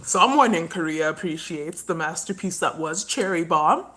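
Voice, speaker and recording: A woman's voice: on the low side, lively intonation, normal speed, fairly bright tone, slight background noise. A woman hosting a casual livestream, rambling through her opinions and talking while she eats. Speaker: livestream host.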